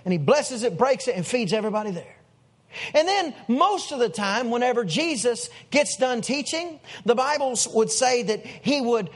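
A man preaching a sermon as pastor, telling Bible stories with animated acted-out lines. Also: extremely high pitch. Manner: animated storytelling, acting out characters' lines.

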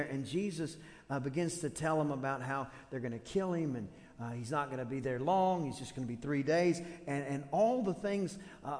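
A man's voice: mid-range voice, darkish tone, in a large hall. A man preaching a sermon as pastor, telling everyday stories with humor and animation. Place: church sanctuary.

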